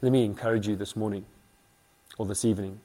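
A man's voice: fairly low pitch, fairly even intonation, quick pace, mellow. A man preaching an earnest sermon as a pastor, building emphasis through repeated phrases.

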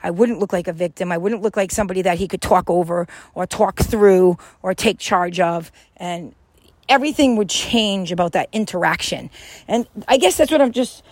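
A woman's voice: mid-range voice, no echo. A woman giving a casual motivational talk to camera, emphatic and repetitive, often acting out little scenes in quoted voices. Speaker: life skills vlogger.

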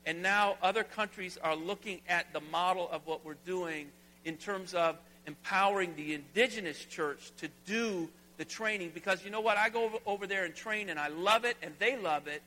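A middle-aged pastor from Alabama preaching a sermon in a large church, folksy and conversational, rising to emphatic preaching. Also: male voice, sits high, moderate pace, bright, forceful tone, a little hiss or hum. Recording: long hall reverb.

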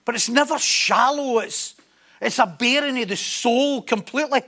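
A man's voice: very high-pitched, moderate pace, sharp tone. A man preaching a sermon in an emphatic style, repeating key phrases for weight.

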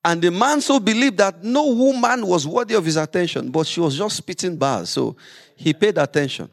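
A man preaching a sermon as pastor, lively with humorous asides. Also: high-pitched, normal speed, creaky.

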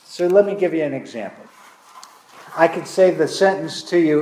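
A man's voice: on the high side, animated, moderate pace, a little mellow. A man preaching a sermon to his congregation, telling the story in a conversational way with dramatic swings of emphasis. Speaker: pastor. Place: congregation hall. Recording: echoey room.

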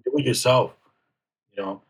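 A man speaking as an interview guest, reflective and halting, with frequent restarts. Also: mid-range voice, a bit bright, husky. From United States. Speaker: guest healer. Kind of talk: casual conversational interview.

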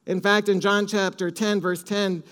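Emphatic high-voiced male preacher. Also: little pitch movement, measured pace, a bit bright. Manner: emphatic, leads congregation in call-and-response. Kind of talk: sermon.

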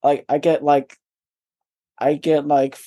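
A man's voice: on the high side, little pitch movement, slow, warm tone. A young man co-hosting a casual podcast. He stutters, keeps repeating words and swears freely. He laughs often while telling his stories. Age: young adult. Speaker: podcast co-host. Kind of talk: casual chat.

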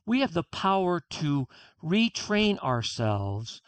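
A male author, interviewed as a guest, speaks earnestly and acts out his own inner self-talk during the conversation. His fairly high voice swings widely in pitch at a slow, smooth pace, on a dry recording.

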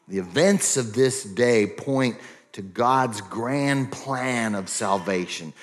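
A man preaching a sermon as pastor, reading scripture aloud and explaining it in a measured way. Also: fairly low pitch.

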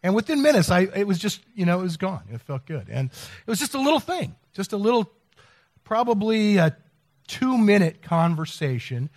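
A man's voice: high voice, big pitch swings, normal speed, darkish tone. A middle-aged man preaching a sermon as pastor, telling a story with many restarts and repeated words. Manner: rambling, self-interrupting storyteller.

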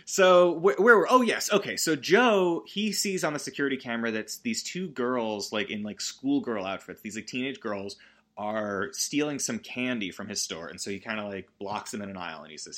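Man, comic movie recap host, bright tone, mid pitch, rambling, self-interrupting. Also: lively intonation, moderate pace.

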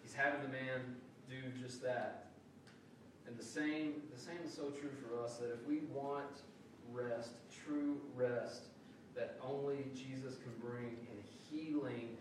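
A man preaching a sermon, reading verses aloud and riffing on them in an animated, conversational way. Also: medium pitch, slow, background noise. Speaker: pastor. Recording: echoey hall, mic at a distance.

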